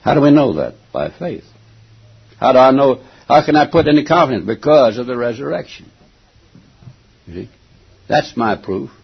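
An older man preaching a folksy, emphatic sermon, stopping now and then to clear his throat and going back over his words. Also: mid-range voice, big pitch swings, normal speed, long pauses. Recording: dull lo-fi recording.

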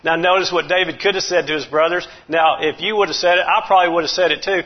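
A man delivers a folksy sermon with animated, chuckling energy. His voice sits a little high, and the recording is dull and lo-fi. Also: fast talker, hardly any pauses. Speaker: preacher. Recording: muffled lo-fi recording.

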